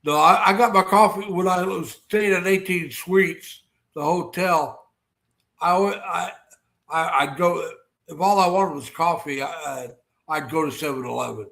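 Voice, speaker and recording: A man hosts a casual livestream, rambling along and calling out viewers by name. His voice sits a little high for a man, and his talk is full of fillers and restarts. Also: unhurried, vocal fry, fairly bright tone. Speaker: livestream host.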